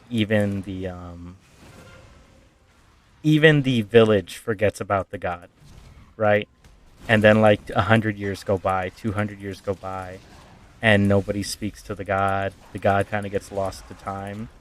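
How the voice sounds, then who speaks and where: A man's voice: on the low side, steady tone, a little slow. A man casually retelling a tabletop backstory as a streamer, rambling with lots of fillers.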